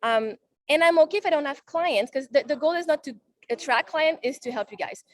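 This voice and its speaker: A woman podcast host, a native French speaker, talking casually to a live audience at an event, chatty and animated as she retells conversations. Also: sits high, fairly quick. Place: event salon.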